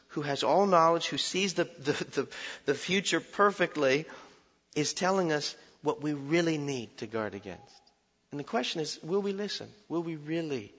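Male pastor, sermon, forceful and bright, animated with self-mocking humor; slightly muffled recording with long church reverb. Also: on the high side. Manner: animated, shifts from shouted warnings to quiet reflection, self-deprecating humor. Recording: dull sound with long hall reverb.

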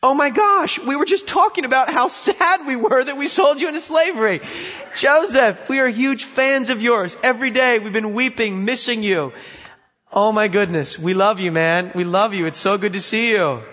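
A man voicing a group of fawning grown brothers who gush over-the-top praise in a high, loud voice, heard in a dull recording in a reverberant hall. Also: moderate pace, exaggerated voice.

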